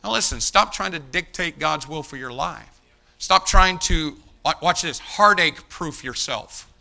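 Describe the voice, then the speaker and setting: Male preacher, bright, slightly high voice, emphatic, calls out to the congregation. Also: expressive, a little slow, gravelly. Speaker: pastor. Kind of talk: sermon.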